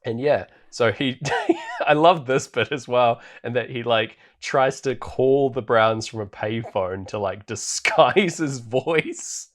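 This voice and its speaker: Slow and with few pauses, a medium-pitched man co-hosts a podcast. His casual chat recaps a movie, peppered with ums and small laughs.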